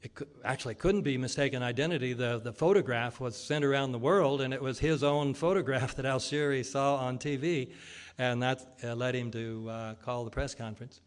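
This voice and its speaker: A man giving a public lecture in an argumentative way, posing rhetorical questions and pausing with frequent ums and uhs. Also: mid-range voice, steady tone.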